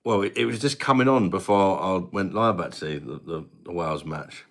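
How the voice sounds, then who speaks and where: A British man hosting a casual live-stream beer review, his voice sitting low and deep. He banters loosely with viewers, laughs a lot and drops the odd casual swear word. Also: a little fast, a bit bright. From Britain.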